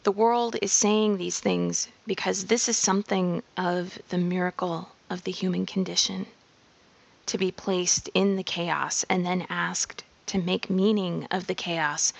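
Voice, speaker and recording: A woman giving a slow, measured reflective monologue on personal growth. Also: fairly low pitch, fairly even intonation, vocal fry. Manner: slow, measured, drops into whispers.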